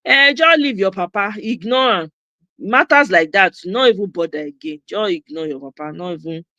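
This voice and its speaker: A woman's voice: mid-range voice, animated, normal speed, pushed and bright, no echo, lo-fi sound. A Nigerian woman hosting a casual livestream chat, talking emphatically and mixing Pidgin with English. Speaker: host.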